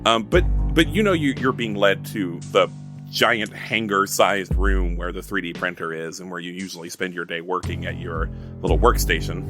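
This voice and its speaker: A man's voice: deep voice, normal speed, over music. A man narrating a tabletop role-play game as game master, chatty and joking with asides to the audience. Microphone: headset-style desk mic.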